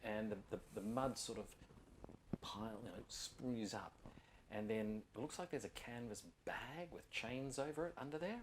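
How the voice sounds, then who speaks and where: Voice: mid-range voice, normal speed, slight background noise. A game master narrating a tabletop horror game, with a rambling delivery full of ums and restarts.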